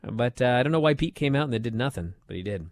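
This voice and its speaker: A man hosting a radio talk show, recapping events in a rambling way and often trailing off low at the ends of his sentences. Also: lively intonation, fast, dry recording, clean studio sound.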